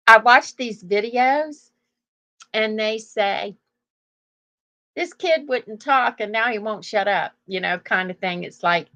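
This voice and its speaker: A woman's voice: mid-range voice, measured pace, bright, forceful tone, muffled recording. An older woman hosting a casual live chat, rambling through stories and laughing often. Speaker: host.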